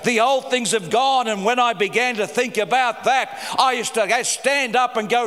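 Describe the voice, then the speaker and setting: A middle-aged man preaching a sermon with fervour, swinging between loud cries and low, quiet stretches. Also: moderate pace, few pauses. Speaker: pastor. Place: large church hall. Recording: live hall reverb.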